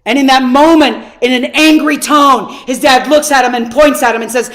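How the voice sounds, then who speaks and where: Brief: woman coach, higher voice, lively storyteller teaching online. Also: moderate pace, hardly any pauses. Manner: animated storytelling, rhetorical questions. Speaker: personal development coach.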